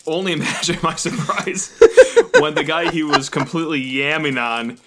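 A man's voice: a little high, moderate pace, crowd noise. A man co-hosting a sports podcast, rambling and self-deprecating, laughing often at himself. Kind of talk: casual sports chat.

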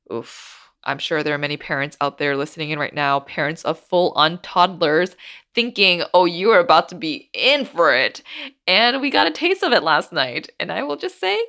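Lower-voiced woman podcast host. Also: gravelly. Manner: chatty and expressive, dramatizing stories. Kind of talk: candid casual chat.

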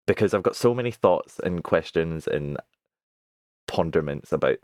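A man's voice: low voice, animated, normal speed, a little mellow, no echo, studio quality. A man with a Scottish accent in casual, rambling conversation, often asking "do you know what I mean". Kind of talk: casual chat about musical theatre.

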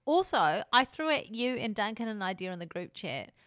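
A woman's voice: medium pitch, very animated, moderate pace, fairly bright tone, no room sound. A woman co-hosting a casual podcast chat, wry and chatty, laughing often. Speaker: podcast co-host. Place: dining room.

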